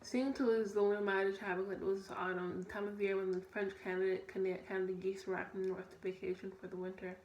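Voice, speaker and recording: A woman's voice: mid-range voice, flat delivery, fast, hardly any pauses, darkish tone. A young woman reading a children's story aloud, often stumbling and correcting herself. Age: young adult. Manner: stumbling, self-correcting read. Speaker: student reader. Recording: echoey room, faint noise.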